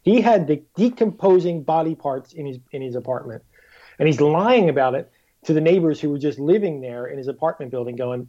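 Male podcast guest, animated storyteller, mellow tone, slightly higher voice. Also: brisk, highs cut off. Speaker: guest author. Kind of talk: casual podcast chat.

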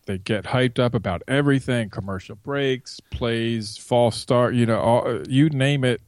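A man's voice: lowish voice, darkish tone, dry recording. A man co-hosting a casual podcast chat, griping at length with frequent restarts. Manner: rambling, gripes with restarts. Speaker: podcast co-host.

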